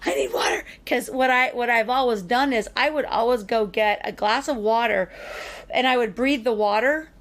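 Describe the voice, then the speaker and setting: A woman hosting a podcast, telling a long personal story in an animated, chatty way with frequent fillers. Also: a little high, normal speed. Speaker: podcast co-host. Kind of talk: casual storytelling chat.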